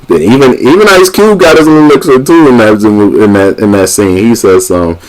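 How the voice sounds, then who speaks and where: A young man vlogging a casual movie recap, an animated storyteller who keeps laughing and acting out the scenes. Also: lowish voice, normal speed. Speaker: YouTube vlogger.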